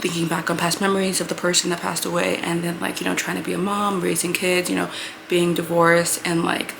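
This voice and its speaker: Young female book vlogger, low gravelly voice, excitable and chatty, noisy home recording. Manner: bubbly, gushing, filler-heavy with frequent "like". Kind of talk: casual reading vlog chat.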